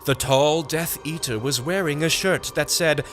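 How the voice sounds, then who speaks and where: Slow, animated male audiobook narrator. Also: on the high side, soft background music. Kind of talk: deadpan reading of a comic nonsense story.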